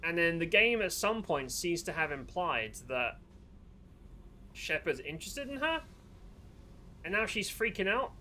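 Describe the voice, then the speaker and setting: A male game streamer with a high, bright voice, chatting casually over his gameplay. His pitch swings all over the place as he jokes and grumbles in exasperation. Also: unhurried, pauses often, a little hiss or hum. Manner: animated, exasperated and joking. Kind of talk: casual gaming commentary.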